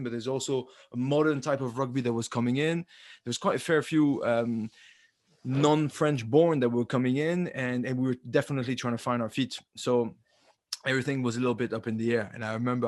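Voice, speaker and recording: A man co-hosting a rugby podcast and telling lively anecdotes in a casual chat. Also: medium pitch, dry recording, studio quality. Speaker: podcast co-host, former rugby player.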